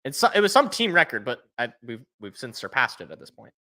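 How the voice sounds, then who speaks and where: A man's voice: medium pitch, big pitch swings, brisk, sharp tone. A young man giving casual fan play-by-play and reaction, rambling and correcting himself, with joking asides. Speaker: fan podcast co-host.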